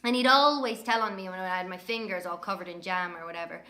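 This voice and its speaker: An actress playing a sharp-tongued, brash young Irish woman telling stories in an audio drama monologue. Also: on the low side, fast talker. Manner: brash, scornful, lively storytelling.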